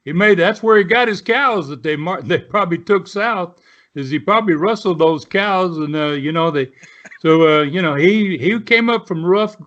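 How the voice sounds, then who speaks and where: A man's voice: sits high, normal speed, fairly bright tone, lo-fi sound. A man in his seventies, a former wrestler, tells stories as an interview guest in a rambling way, full of "uh" and "you know" fillers. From Southern United States. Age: 70s. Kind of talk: storytelling in a casual interview.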